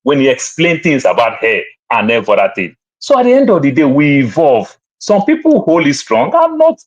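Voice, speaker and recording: Husky, animated Nigerian-accented man. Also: a little high, a little fast, lo-fi sound. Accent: Nigerian English. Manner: animated, rhetorical questions. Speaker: panel guest. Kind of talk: casual panel debate.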